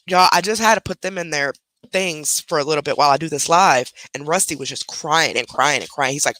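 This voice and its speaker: A woman's voice: sits low, moderate pace, bright, forceful tone, no room sound. A woman, chatting bluntly with her livestream audience from home. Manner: chatty, blunt, talks to pets and chat. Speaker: livestream reaction host. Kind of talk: casual livestream chat.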